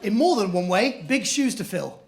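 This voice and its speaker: A man's voice: high-pitched, expressive, normal speed. A man doing a stand-up comedy set on a club stage, telling self-mocking stories in a posh manner. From England. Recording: live club with audience noise.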